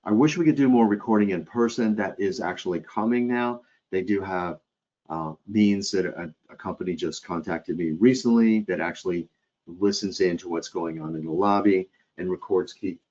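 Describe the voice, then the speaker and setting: A man with a fairly low voice leads a live training webcast on hospitality. He talks in a loose, conversational way and often checks in with his listeners. The sound is dull and lo-fi, like audio from a computer mic. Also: normal speed, darkish tone. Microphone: computer or headset mic on a webcast.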